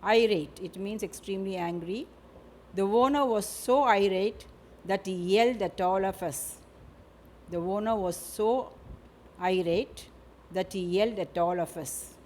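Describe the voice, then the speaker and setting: A woman teaches vocabulary at an unhurried pace, saying each word and its example twice. She often closes a point with a tag question. Faint noise sits under her voice. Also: medium pitch, fairly even intonation, darkish tone. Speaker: English teacher. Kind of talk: vocabulary lesson.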